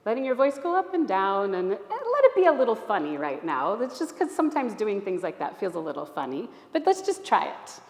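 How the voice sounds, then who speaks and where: A woman leading a workshop group through a gentle exercise, with an encouraging, inviting way of talking. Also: mid-range voice, wildly swooping pitch, a little fast, hardly any pauses. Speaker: Alexander Technique teacher leading a workshop. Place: church. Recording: echoey church hall.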